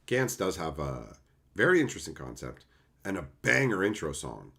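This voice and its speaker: Man, low voice, very lively intonation, casual livestream chat, rambling asides, swearing. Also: moderate pace, creaky. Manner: animated, swears freely, talks in loose run-on asides. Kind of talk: casual live-stream chat.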